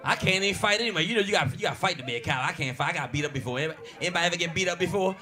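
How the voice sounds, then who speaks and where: A male stand-up comedian telling brash, profane stories with lively, playful shouts. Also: high-pitched, racing. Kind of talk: stand-up routine. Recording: noisy live venue with audience laughter.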